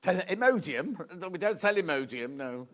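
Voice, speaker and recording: A man's voice: fairly high pitch, animated, a little slow, a bit bright. A man presenting a live shopping show from a TV studio, from the UK, giggling often as he reads viewer messages aloud.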